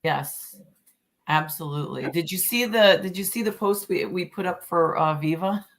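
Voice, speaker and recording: A woman's voice: lowish voice, normal speed. A woman co-hosting a casual talk show, chatty and teasing, often restarting her sentences. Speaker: co-host. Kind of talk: casual chat.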